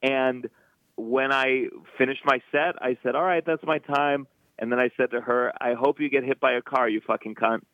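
A man's voice: mid-range voice, fairly even intonation, normal speed, dry recording. A man, a stand-up comedian guest, telling a rambling, self-deprecating story. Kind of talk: casual anecdote telling. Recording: dry tinny phone line.

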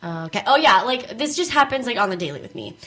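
Teen girl cohost, giggly, lots of likes, bright sharp voice, a bit high. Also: sing-song, fast. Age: teens. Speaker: co-host. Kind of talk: casual chat.

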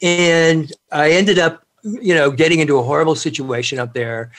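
A middle-aged man speaking as a guest in a relaxed interview. His voice sits a little high for a man, and he rambles through his stories with lots of fillers and "you know"s. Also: moderate pace. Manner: rambling, chatty, with many fillers and laughs. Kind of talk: casual storytelling interview.

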